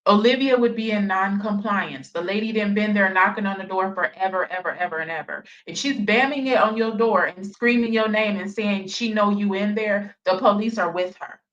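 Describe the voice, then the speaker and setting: A woman's voice: mid-range voice, moderate pace, few pauses, a bit bright. Exasperated commentary woman, muffled sound. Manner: sarcastic, exasperated calling-out. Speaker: commentary host. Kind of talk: reaction commentary.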